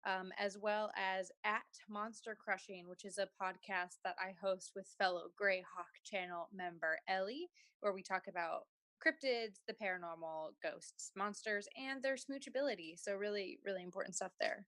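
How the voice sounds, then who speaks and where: A woman's voice: mid-range voice, normal speed, a bit bright, no echo. A young woman chatting casually as a tabletop player, upbeat and talkative. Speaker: player and podcast host. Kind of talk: casual chat.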